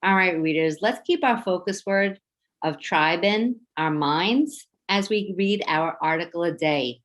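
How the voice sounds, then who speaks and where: A woman teacher with a New York accent leading a children's phonics lesson, slow, clear and encouraging as she sounds words out. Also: on the low side.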